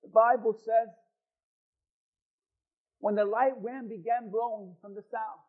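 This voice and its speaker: High-voiced, slow preaching man. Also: steady tone. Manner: dramatic preaching, swings from loud to hushed. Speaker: pastor. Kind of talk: sermon. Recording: thin phone-like sound.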